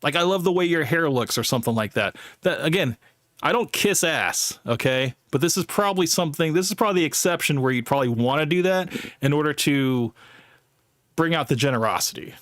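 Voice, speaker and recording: A man's voice: a little high, expressive, fairly quick, a bit bright, dry recording, clean studio sound. A man hosting a live stream in casual talk, rambling with many fillers and restarts, blunt and jokey. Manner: blunt, jokey and self-deprecating.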